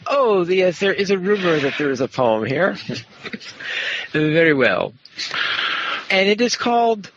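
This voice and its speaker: A podcast host reciting a comic poem in a theatrical way, full of wordplay and sudden shouts, over a muffled voice-chat line. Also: male voice, high-pitched, big pitch swings, slow, long pauses, noisy background.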